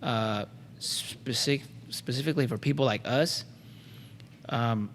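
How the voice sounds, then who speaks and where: A man's voice: medium pitch, slow. Thoughtful podcast host guy, mid voice, kinda restarts a lot, long room reverb, faint hiss. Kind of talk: reflective podcast chat.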